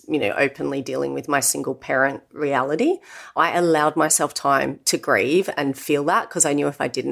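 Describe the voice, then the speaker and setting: Speaking in a low-pitched, creaky voice, a guest who is an Australian woman in her thirties shares her personal story openly. She is reflective and drops in "you know" again and again.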